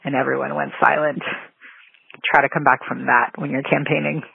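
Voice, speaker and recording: A woman's voice: extremely low pitch, little pitch movement, normal speed, creaky, slightly rough, dry recording. A woman advocating for small businesses, telling a story in a wry, direct manner. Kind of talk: testimonial. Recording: tinny phone-like line.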